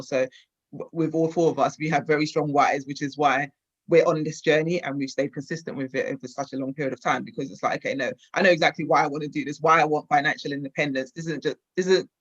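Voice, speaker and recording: Fast-talking British man, lo-fi. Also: a little high, fairly bright tone, dry recording. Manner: emphatic and motivational. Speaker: guest. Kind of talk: casual group discussion.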